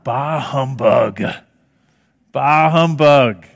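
Preacher doing a stingy old grouch with a put-on british accent, slow and sneering, hall echo. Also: male voice, mid-range voice, gravelly, voice pushed down, heavily acted. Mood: scornful. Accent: British, put on badly. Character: miserly cold-hearted old male creditor. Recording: reverberant hall.

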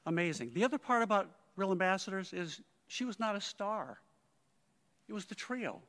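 High-voiced man giving a eulogy in a reverberant hall. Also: lively intonation, normal speed, fairly bright tone. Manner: heartfelt storytelling, often quoting others. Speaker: conductor at a memorial. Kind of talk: eulogy speech. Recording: long reverb of a large hall.

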